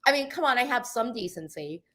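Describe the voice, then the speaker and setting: A woman's voice: fairly high pitch, brisk. A woman in her forties, a realtor co-hosting a podcast, telling a story in casual chat and calling out to listeners. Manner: animated, addresses listeners as "people". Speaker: podcast co-host.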